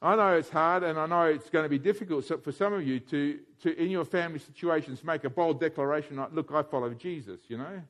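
High-voiced guy preaching, gets loud and fired up, has the crowd say stuff back. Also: fast talker, hardly any pauses. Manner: builds from quiet reflective talk to loud fervent preaching; leads congregation in call-and-response. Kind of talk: sermon.

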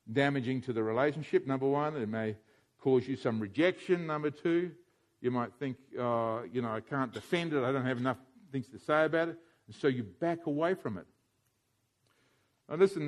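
A man preaching a sermon, moving from quiet reflection to loud, fervent exhortation and leading his congregation in call-and-response. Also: mid-range voice.

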